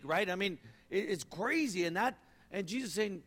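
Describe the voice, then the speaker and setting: A slightly higher-voiced man preaches a sermon in a church, casual and animated, circling back to repeat his points. His voice rings out with a long hall reverb. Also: moderate pace, hardly any pauses. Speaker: pastor. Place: church sanctuary.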